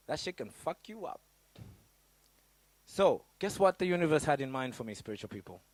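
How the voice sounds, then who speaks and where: Male business coach from Africa, blunt and lively motivational speaker, very expressive pitch, no room echo. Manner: candid, animated storytelling with swearing and audience questions. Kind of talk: motivational workshop talk.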